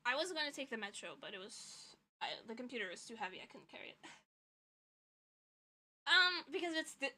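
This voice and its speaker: Young woman streamer venting, high voice, super bright and sharp, swears a lot. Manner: animated, indignant, swears freely, repeats phrases for emphasis. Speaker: vtuber streamer. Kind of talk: casual storytelling rant.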